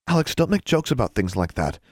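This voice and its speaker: A timid young witch schoolgirl, nervous and pleading, as a man reads her. Her lines climb high and wobble with worry. The sound is close and dry. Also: big pitch swings, fairly quick, a little mellow, slightly rough, no echo. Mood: anxious.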